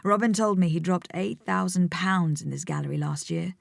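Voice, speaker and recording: A woman voicing a suave male gallery owner in an audiobook, speaking slowly and patiently, as if to a child. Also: fairly low pitch, vocal fry, dry recording, studio quality. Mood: genial. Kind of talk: audiobook character voice.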